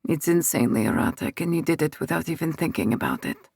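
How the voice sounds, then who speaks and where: A woman voicing a commanding Italian mafia boss, an adult man who speaks low and soft with an Italian accent. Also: big pitch swings, fast, creaky, breathy edge, no room sound, studio quality, full character voice. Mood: tender.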